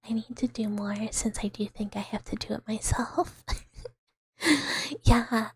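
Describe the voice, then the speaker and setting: A woman VTuber streamer chatting with viewers in a soft ASMR whisper, rambling with fillers and giggles, close to the mic. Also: on the high side, breathy edge, dry recording.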